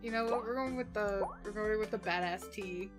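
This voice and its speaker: With game music in the background, a female streamer plays through a game and jokes around with her chat, laughing and cursing along the way. She speaks in a mid-range voice at a moderate pace.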